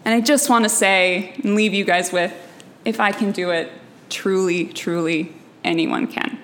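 A woman's voice: medium pitch, moderate pace, background noise. A young adult woman telling an intimate personal story on stage, emotional and reflective. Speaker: storyteller and guest.

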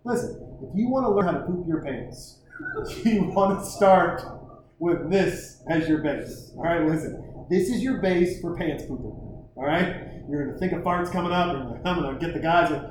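A man's voice: a little high, measured pace, a little mellow, heavy reverb, slight background noise, rough recording. A man telling a crude, rambling, self-mocking comic story and acting out the other people in it.

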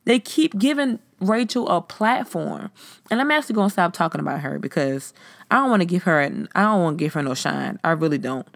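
A woman's voice: low voice, fairly quick, gravelly, no room sound, studio quality. Profane ranting podcast woman. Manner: blunt, profane, animated ranting. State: tipsy, slightly slurring. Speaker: podcast host. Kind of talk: casual podcast chat.

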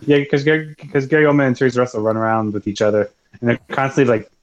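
A man's voice: mid-range voice, a little fast, dull audio. A man co-hosting a podcast, chatting loosely about a film and laughing often. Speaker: podcast co-host. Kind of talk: casual film discussion.

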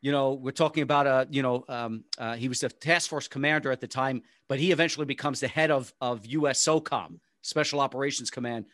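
A male interviewer recaps the story before he asks his question, restarting his sentences again and again. His voice sits at a middle pitch for a man. The recording is dry and close, with no room sound. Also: steady tone, brisk, few pauses, a bit bright, no echo. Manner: rambling, restarts, sets up questions. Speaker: podcast host. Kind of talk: casual interview chat.

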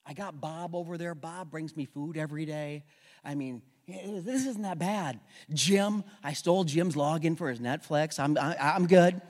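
A man's voice: fairly high pitch, a little slow, pitched below the performer's own voice, lightly acted. A preacher voicing a paralyzed man who pleads and complains, with long hall reverb. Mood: complacent. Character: paralyzed man by a pool, whiny, full of excuses.

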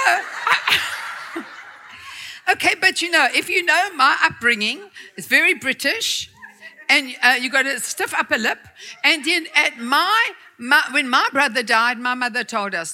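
A woman's voice: high-pitched, animated, unhurried, pushed and bright. A middle-aged woman preacher telling a personal story in a chatty sermon, laughing often and making fun of herself. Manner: chatty and laughing, self-mocking asides.

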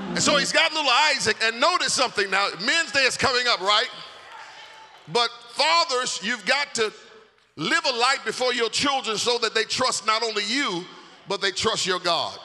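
A man preaching a sermon in a church, shouting and half-singing his lines and leading the crowd in call-and-response. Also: very high voice, expressive, moderate pace. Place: church sanctuary. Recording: music and long hall reverb.

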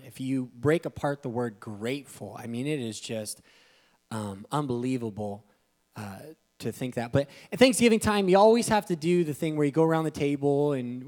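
A young man preaching on a church stage, talking casually and with feeling. He swings from soft, tender moments to sudden loud, fired-up bursts, at a middle pitch. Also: expressive, normal speed. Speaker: pastor. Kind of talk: sermon.

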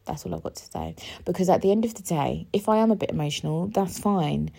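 A young woman in her twenties, talking alone in a rambling, emotional way, often swearing and sometimes rising close to a shout. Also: on the low side, animated, normal speed, creaky, breathy edge. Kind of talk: casual solo monologue.

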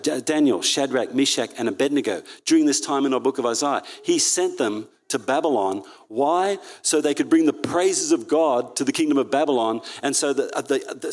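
A man's voice: mid-range voice, darkish tone. A man preaching a sermon in church, reading Bible passages aloud and correcting himself as he goes. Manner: earnest, reads Bible passages aloud, frequent self-corrections.

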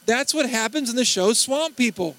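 High-voiced preacher telling stories. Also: male voice, normal speed, dry recording, rough recording. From Baton Rouge, Louisiana. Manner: animated storytelling, acts out quotes. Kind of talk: sermon.

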